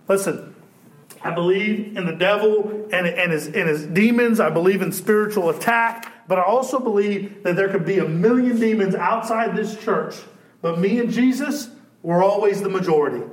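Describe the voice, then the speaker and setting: A man preaching a sermon in a church, animated and shouting at times, then dropping to a hush. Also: high voice. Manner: animated preaching, swinging from loud to hushed. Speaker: pastor. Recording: echoey church room.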